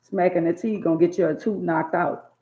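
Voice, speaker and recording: A woman in casual chat about her childhood, talking in an animated way and acting out scolding parents in loud bursts. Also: on the low side, moderate pace. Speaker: storyteller recalling childhood. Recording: tinny phone-like sound.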